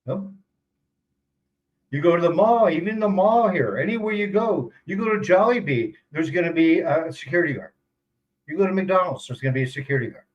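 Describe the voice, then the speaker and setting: A man's voice: on the high side, expressive, brisk. Chatty older man, muffled audio. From United States. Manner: rambling, chatty, chuckles often. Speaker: retiree vlogger. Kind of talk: casual livestream chat.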